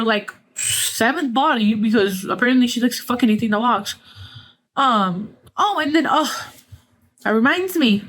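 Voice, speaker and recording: A woman with a high, fairly bright voice hosts a podcast in Mexican-American English, sprinkling in Spanish phrases. She tells gossipy stories in casual chat, candid and blunt, sarcastic and swearing constantly.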